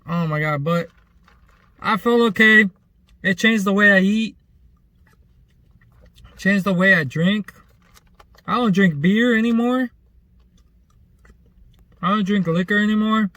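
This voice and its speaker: A man's voice: high-pitched, slow, pauses often, bright, forceful tone, dry recording. A man vlogger telling a rambling, loose story in casual chat, with plenty of fillers and some swearing.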